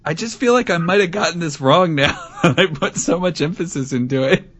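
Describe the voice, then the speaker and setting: A man's voice: a little high, fairly quick, fairly bright tone. A man co-hosting a casual chat in a wry manner, laughing often and mimicking people. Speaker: podcast co-host. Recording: dull lo-fi sound.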